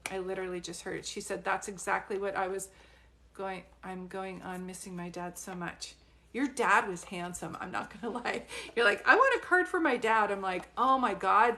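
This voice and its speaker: A chatty, giggly woman gives psychic readings on a live stream. She talks straight to her viewers, loose and conversational, and her voice sits at an ordinary middle pitch. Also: a bit bright. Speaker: psychic medium.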